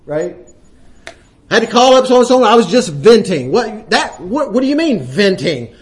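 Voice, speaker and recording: A man's voice: high-pitched, sing-song, normal speed. A man preaching a sermon, quoting scripture and acting out little asides, often checking in with the congregation. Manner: frequent "right?" checks to the congregation.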